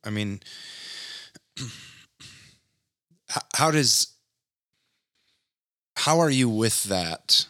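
Male interviewer; slow, halting questions, bright voice. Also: fairly low pitch, expressive. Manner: halting, searching for words. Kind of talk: conversational questioning.

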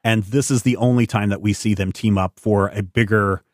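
A man co-hosts a casual comic review chat. He talks in a rambling, animated way and often circles back to correct himself. His voice sits close to the mic with no room sound. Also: on the low side, normal speed, no echo. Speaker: podcast co-host.

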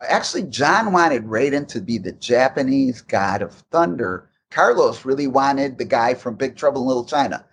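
A man's voice: mid-range voice, moderate pace, hardly any pauses, slight background noise. A man in a casual interview, telling long, rambling stories about making a game, with many restarts. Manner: rambling, restarts often, animated anecdotes. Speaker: guest recalling game development.

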